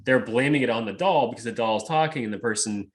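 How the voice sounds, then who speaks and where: A man's voice: mid-range voice, fast talker. A young man co-hosting a podcast, talking casually, swearing freely and laughing a lot. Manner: swears a lot, laughs, jumps into put-on doll voices. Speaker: podcast co-host. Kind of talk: casual chat.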